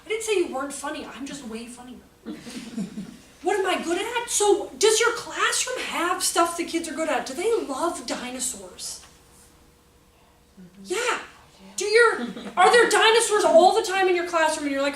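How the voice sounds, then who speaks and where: A woman with a high voice talks to a room of teachers, chatty and quick to joke at her own expense. She sounds far from the mic, with a roomy echo and a faint hiss of background noise. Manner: chatty, joking, self-mocking, lively storytelling. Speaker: workshop presenter for teachers. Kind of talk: informal teaching talk.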